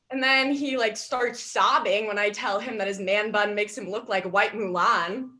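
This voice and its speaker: A woman's voice: medium pitch, moderate pace. A young woman doing a stand-up comedy set, bubbly and giggly, laughing through her lines. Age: young adult. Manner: bubbly, giggly, animated delivery.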